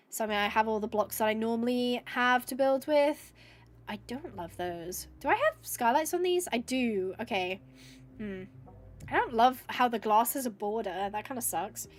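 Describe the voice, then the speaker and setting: A young woman with a bright, high voice rambles as she streams a building game, thinking out loud and gushing with thanks. She sounds a little teary and snotty. Faint music plays underneath. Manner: chatty, thinks aloud, gushes with thanks. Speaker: Minecraft streamer. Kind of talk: casual live-stream chat while gaming.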